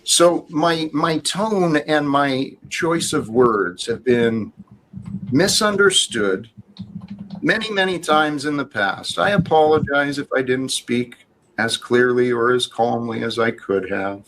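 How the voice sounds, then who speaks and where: Firm man calming a heated argument. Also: medium pitch, slow pace, a little hiss or hum, low-quality recording. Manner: firm, placating, lecturing. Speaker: guest in a heated debate. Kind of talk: argument, trying to calm things.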